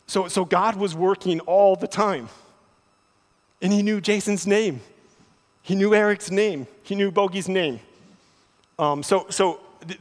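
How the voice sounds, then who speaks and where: Man preaching in a reverberant hall. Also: sits high. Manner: repeats words when starting sentences, animated. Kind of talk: sermon.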